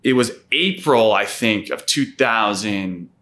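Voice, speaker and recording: A man in his thirties tells stories in loose, casual conversation and slips into the voices of the people he quotes. His voice is bright and forward, with a quick, lively delivery. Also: lowish voice. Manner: animated storyteller, acts out quoted voices. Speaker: former campaign manager.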